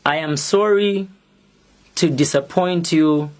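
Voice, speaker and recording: A young man from Zambia with a Zambian accent delivers a prepared public statement as an activist. His voice sits somewhat high, and he talks slowly and deliberately. He keeps a steady, defiant tone throughout. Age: young adult.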